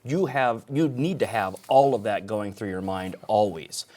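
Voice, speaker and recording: A man's voice: fairly low pitch, a little slow, darkish tone. A man speaking earnestly in a casual panel discussion among instructors, restarting some sentences.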